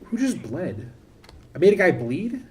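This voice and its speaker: A man's voice: high voice, sing-song, unhurried, darkish tone, a little hiss or hum. Rambling man streaming a game. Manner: rambling, thinking aloud, self-interrupting. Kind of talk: casual live-stream commentary.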